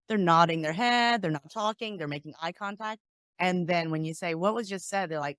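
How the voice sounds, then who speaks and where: With a lowish, clean-toned voice at normal speed, this negotiation coach and mediator gives a podcast interview in a clean studio recording free of room sound. She explains things animatedly, performing example dialogues along the way.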